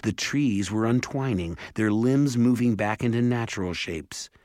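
Deep, slow male storyteller. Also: dry recording, studio quality. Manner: calm, even storytelling. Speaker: narrator. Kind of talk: audiobook narration.

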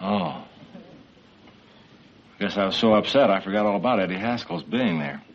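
An actor playing a calm, fair-minded middle-aged suburban father in 1950s sitcom style, speaking in a measured, mildly stern way. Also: lowish voice, vocal fry, slight background noise. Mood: gentle. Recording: dull 1950s TV sitcom audio.

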